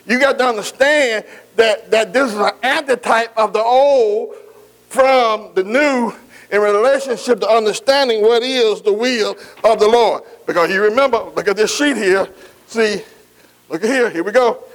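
A male preacher with a high-pitched, somewhat bright voice delivers a sermon. He repeats phrases, calls out "amen" to the congregation, and slows down when reading scripture.

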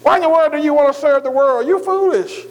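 A man's voice: extremely high pitch, a little fast, voice pushed up. A man preaching who voices a scoffing worldly man mocking a believer in a taunting, incredulous way.

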